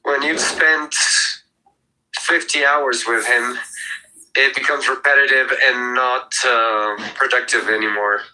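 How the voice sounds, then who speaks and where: A man calling in to a talk show, speaking hesitantly with many pauses and restarts. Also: medium pitch, fairly even intonation, bright, forceful tone, slight background noise, rough recording. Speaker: room moderator and regular caller. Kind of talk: casual call-in discussion.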